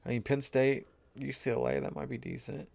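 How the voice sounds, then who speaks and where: A man's voice: medium pitch, animated, a little fast, vocal fry, darkish tone. A man co-hosting a casual sports podcast over drinks, loose and swearing, laughing often. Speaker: podcast co-host.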